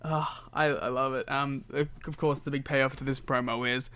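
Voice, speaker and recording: A man's voice: mid-range voice, little pitch movement, crowd noise. A man co-hosting a podcast in casual chat, joking playfully and laughing easily. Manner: playful, jokey, quick to laugh. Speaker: podcast co-host.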